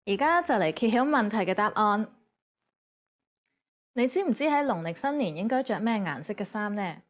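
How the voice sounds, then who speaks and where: A woman giving scripted educational narration in a brisk, even tone. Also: medium pitch.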